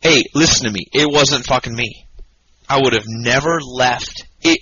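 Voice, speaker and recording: Rowdy drunk podcaster, bright voice. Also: male voice, medium pitch, moderate pace, slightly rough, no echo, lo-fi sound. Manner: profane, rambling, loud and excitable. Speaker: podcast co-host. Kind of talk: drunk casual podcast banter. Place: home podcast setup, Michigan.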